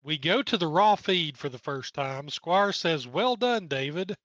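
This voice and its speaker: A man's voice: on the high side, a little slow, fairly bright tone, no echo, highs cut off. A man with an East Tennessee accent, co-hosting a podcast and chatting wryly through an old race recap. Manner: chatty, wry, jokes between driver lists. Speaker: podcast co-host. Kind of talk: casual race recap commentary.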